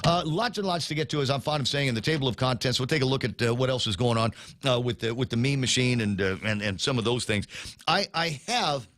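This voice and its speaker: A man's voice: medium pitch, fast talker, fairly bright tone, no room sound. A man hosting a morning radio show, chatting casually and joking, with lots of fillers and restarts.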